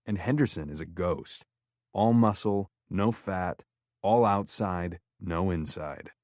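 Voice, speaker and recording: Deadpan, sardonic low-voiced male narrator. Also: slow, dry recording, clean studio sound. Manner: sardonic, deadpan inner monologue. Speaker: audiobook narrator. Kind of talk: first-person audiobook narration.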